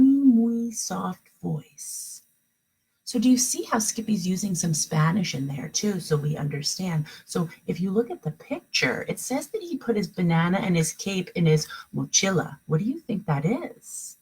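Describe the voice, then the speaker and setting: Woman teacher, storybook read-aloud at home; lively, unhurried, slightly husky. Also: lowish voice, poor audio. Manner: expressive storybook reading, pausing to explain to children. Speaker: kindergarten teacher. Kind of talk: reading a picture book aloud to children.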